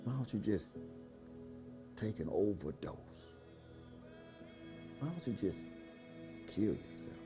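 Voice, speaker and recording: An older man voicing a tempting devil in a low, hushed, coaxing tone. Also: animated, slow, long pauses, music in the background. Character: tempting devil whispering despair, male.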